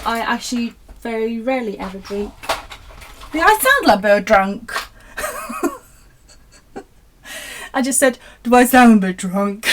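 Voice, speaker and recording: A young Polish woman, whose first language is Polish, hosts a live craft session while painting at her desk. Her mid-range voice rambles through casual, self-mocking chat with viewers, with slight background noise behind her.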